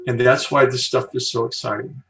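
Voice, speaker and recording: An older man, a guest speaker on psychology, telling stories and explaining ideas slowly and emphatically in an interview. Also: medium pitch, level tone, creaky, a bit bright, distant mic, low-quality recording. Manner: emphatic, slow deliberate pauses, storytelling. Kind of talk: podcast interview.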